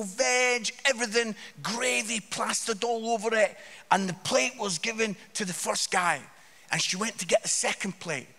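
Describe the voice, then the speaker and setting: A man in his fifties tells funny stories from the stage with an animated, exclaiming delivery. His voice sits high and swoops widely, with a gravelly edge. The sound carries a long reverb from a church hall. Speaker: guest speaker comedian. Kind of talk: comic storytelling sermon.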